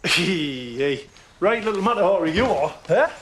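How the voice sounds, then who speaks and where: A man's voice: high-pitched, animated, normal speed, fairly bright tone, slight background noise. An actor with a Geordie accent playing a brash, pushy working man in a TV drama. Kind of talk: TV drama acting.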